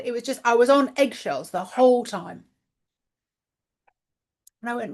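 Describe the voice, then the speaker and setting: A woman's voice: on the high side, expressive, normal speed, long pauses. A woman, the host of a spiritual channel, telling a personal story in a chatty, candid way with some mild swearing.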